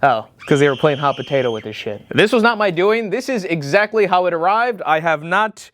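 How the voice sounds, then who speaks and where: A man's voice: a little high, animated, brisk, fairly bright tone, a little hiss or hum. A man doing a comedic product review vlog, sarcastic and profane, recording at home in front of a green screen. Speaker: YouTube vlogger.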